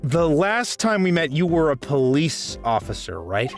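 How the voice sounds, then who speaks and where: Girl doing a low deadpan lawyer dude, tired and dry, slow. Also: soft background music, exaggerated voice. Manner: low, flat, dry delivery. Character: dry, weary male defense attorney.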